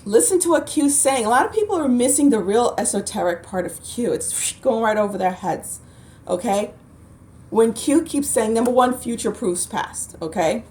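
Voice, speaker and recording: A woman's voice: fairly high pitch, moderate pace, a little hiss or hum. Chatty woman vlogging. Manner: chatty, animated, laughs often. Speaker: channel host. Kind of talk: casual spiritual commentary vlog.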